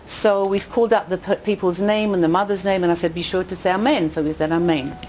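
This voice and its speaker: A woman giving an inspirational talk with jokes and stories to a women's audience, her pitch rising on quotes and punchlines. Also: fast talker, slight background noise. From England. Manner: lively storyteller who rises in pitch on quotes and punchlines. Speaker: speaker addressing a women's audience. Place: community hall with a live audience.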